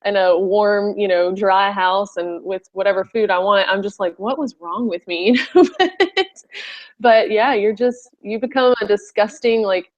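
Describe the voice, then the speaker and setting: A woman's voice: mid-range voice, measured pace. A woman hosting a casual interview, chatty, with many fillers and frequent laughter. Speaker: podcast host. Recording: slightly muffled recording.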